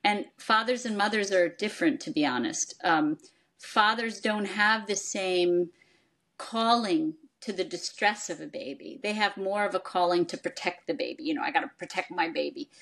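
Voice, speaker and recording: Older woman psychoanalyst explaining calmly. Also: mid-range voice, normal speed. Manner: explanatory, acts out quoted parents. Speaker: psychoanalyst guest. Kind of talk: expert conversation.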